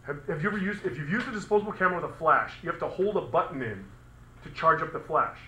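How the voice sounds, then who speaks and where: A man's voice: a little high, animated, quick pace, bright, forceful tone. Chatty male teacher in an echoey classroom. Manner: casual, chatty, makes sound effects and asks the class questions. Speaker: physics teacher. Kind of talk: classroom lecture.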